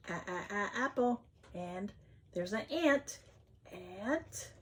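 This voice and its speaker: A woman reads an alphabet book to small children at an unhurried pace, stretching out letter sounds one by one. Her voice rises and falls in a lively, sing-song way, with little gasps of surprise as each flap opens. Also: fairly high pitch. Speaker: children's read-aloud host.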